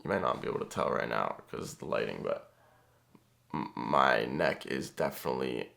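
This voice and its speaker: A man's voice: rumbling low, normal speed, vocal fry. A young man talking casually to the camera in a rambling vlog, with lots of fillers. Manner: relaxed, rambling, frequent fillers.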